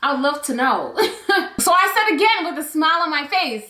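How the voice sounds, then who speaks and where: A young woman vlogger telling a storytime story in an animated, blunt way, swearing freely. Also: high voice, normal speed, roomy sound. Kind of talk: storytime vlog.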